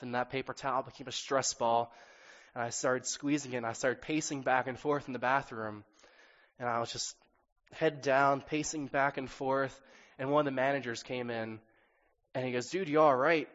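A young man with a sore throat preaches a sermon and shares his own story earnestly and candidly, his voice mid-range and fairly bright. The sound is dull, with long reverb from a hall.

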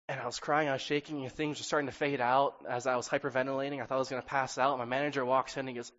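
A man's voice: medium pitch, fairly bright tone. A young man with a sore throat preaching a sermon and telling his own story in an earnest, candid way. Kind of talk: sermon with personal testimony. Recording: dull sound with long reverb in a hall.

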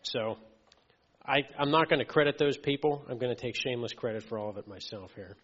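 A man's voice: mid-range voice, fast talker, fairly bright tone. Casual conversational preacher man, roomy hall. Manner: conversational, frequent fillers and checks like "okay" and "right". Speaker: lay preacher. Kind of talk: sermon. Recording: muffled audio with long hall reverb.

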